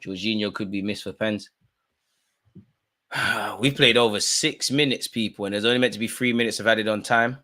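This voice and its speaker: Speaking at normal speed, a young man hosts a live football watch-along, excitable and full of slang, alternating between loud outbursts and low muttering.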